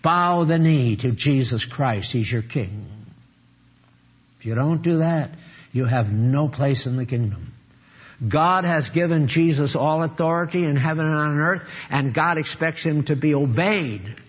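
An older man preaching a sermon, earnest and emphatic, dropping low and grave, then rising to exhort. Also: unhurried, husky, lo-fi sound.

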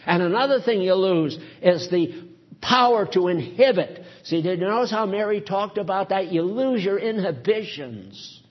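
Male preacher, husky, raised voice, earnest sermon delivery, dull recording. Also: high voice, animated, moderate pace. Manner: earnest, emphatic, swings loud and soft.

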